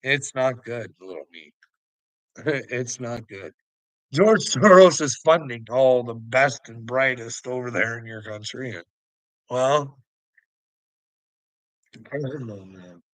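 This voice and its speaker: Profane ranting man with a bright voice. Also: medium pitch, takes it slowly, long pauses, no echo, rough recording. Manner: profane, heated, laughing between lines. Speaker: vlogger. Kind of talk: ranting monologue to camera.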